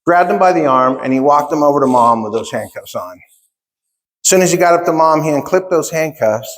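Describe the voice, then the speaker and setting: A man's voice: a little high, expressive, moderate pace. A man in his fifties, giving a keynote at a conference and telling his own story in an emphatic way, repeating key phrases. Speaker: keynote speaker. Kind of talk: motivational storytelling speech. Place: large conference hall. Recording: long reverb of a large hall.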